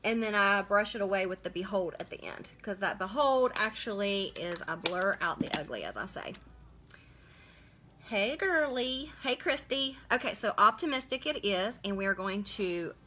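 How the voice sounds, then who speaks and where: A woman's voice: medium pitch, expressive, normal speed, sharp tone, a little hiss or hum. Chatty woman hosting a live makeup tutorial. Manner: chatty, greets viewers by name while working. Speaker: makeup livestream host.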